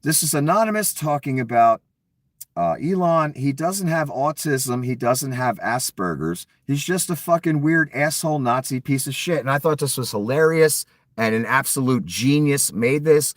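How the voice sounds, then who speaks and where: Man, ranting commentator, lively pitch swings, heavy profanity, dry room, mic a bit off. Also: moderate pace, no room sound, recorded from a distance. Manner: profane, sarcastic, acts out mocking quotes. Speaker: political commentator.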